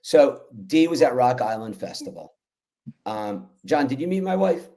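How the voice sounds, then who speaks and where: A man's voice: medium pitch, sing-song, moderate pace, warm tone. A man, a festival organizer guest, telling loose stories with fillers and cursing over a remote call. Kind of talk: casual podcast chat.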